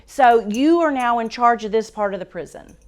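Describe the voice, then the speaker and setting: A woman's voice: fairly high pitch, animated, moderate pace, natural voice. A woman doing a chummy prison warden. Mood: encouraging. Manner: encouraging, chummy. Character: friendly male prison warden.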